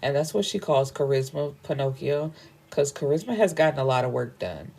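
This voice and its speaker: A woman hosting a book podcast, recapping a story in an animated, slangy way and swearing freely. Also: a bass voice, a little fast, vocal fry.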